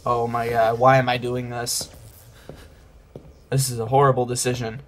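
A man's voice: medium pitch, little pitch movement, moderate pace, slight background noise. A man giving nervous let's-play commentary on a horror game, often murmuring reassurances to his viewers. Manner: jittery, whispers reassurances to viewers. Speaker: gaming YouTuber.

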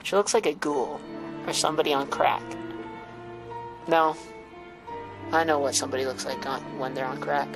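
Excitable man commentating a game. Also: a little high, normal speed, long pauses. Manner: excitable, jokey reactions with mild minced oaths. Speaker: gameplay commentator. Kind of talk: let's play commentary. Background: game music.

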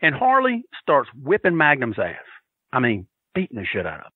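Loud, lively storytelling man. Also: medium pitch, moderate pace, no room sound, phone-quality sound. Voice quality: loud and boisterous, profane. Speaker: regular segment contributor. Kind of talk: loud storytelling, casual chat.

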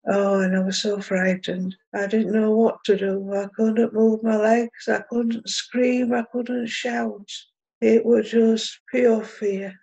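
A woman's voice: fairly high pitch, flat delivery, takes it slowly, gravelly, darkish tone, husky, dull audio. A middle-aged woman, plainly recounting a personal story in local dialect.

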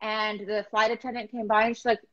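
A woman guest chatting casually, telling stories with lively acted-out quotes. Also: medium pitch, brisk, muffled recording. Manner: animated storytelling, acts out quotes. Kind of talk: casual chat.

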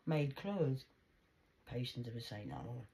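A woman with a notably low voice talks in a loose, rambling monologue. She jumps between stories, drops jokey asides and swears freely, in a chatty, unpolished way. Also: big pitch swings, moderate pace, mellow, slight background noise. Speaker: vlogger.

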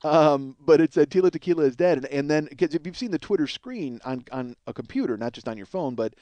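Fast, animated ranting podcast man. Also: a little high, no echo. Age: middle-aged. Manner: profane, ranting, self-mocking. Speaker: podcast host. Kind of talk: rambling comedic monologue.

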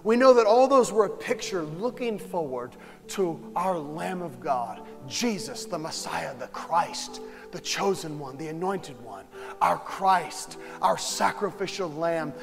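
A man preaching a sermon as pastor in a church, with impassioned delivery that swings from hushed to shouting. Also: a little high, lively intonation, a little slow, vocal fry. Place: church sanctuary. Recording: long hall reverb, faint music.

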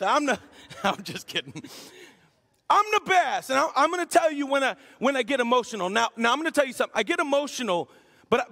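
A man's voice: very high-pitched, gravelly, sharp tone. A man preaching a sermon as pastor, teasing and joking with his congregation before turning serious. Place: church sanctuary. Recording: long hall reverb.

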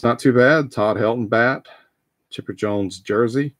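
A man's voice: on the low side, normal speed, dry recording, studio quality. A man hosting a live trading card break, talking casually and rambling with frequent ums and restarts.

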